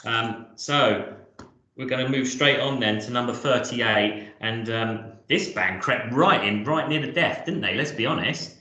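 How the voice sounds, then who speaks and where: A man's voice: mid-range voice, a little slow, bright, forceful tone, echoey room, low-quality recording. A man co-hosting a music countdown, chatting casually and enthusiastically with rambling restarts. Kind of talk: casual chat.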